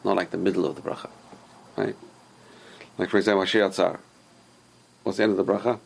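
A man's voice: sits low, level tone, fast, gravelly, husky. A man teaching an informal Torah class, explaining Hebrew sources and giving emphatic warnings.

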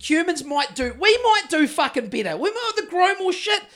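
Sweary ranting New Zealand man, high voice. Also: sing-song, brisk, bright, forceful tone. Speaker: podcast host. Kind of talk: casual chat.

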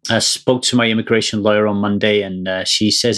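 Energetic middle-aged male podcast host. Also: fairly low pitch, fairly quick, hardly any pauses. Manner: energetic, emphatic, with frequent fillers and restarts. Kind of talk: casual solo podcast monologue.

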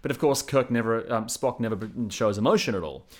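A man in his thirties, a podcast guest, chatting casually with rambling, profane, animated storytelling. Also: mid-range voice, a little fast. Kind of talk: casual chat.

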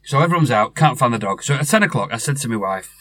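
A man's voice: mid-range voice, animated, fast talker, sharp tone. A middle-aged man, telling a rambling story in casual chat, with many restarts. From North West England.

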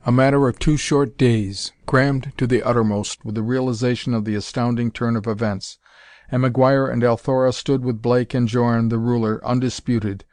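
A man reading a science fiction audiobook in measured, even storytelling narration. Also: mid-range voice, no echo, studio quality. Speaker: audiobook reader. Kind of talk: scripted narration.

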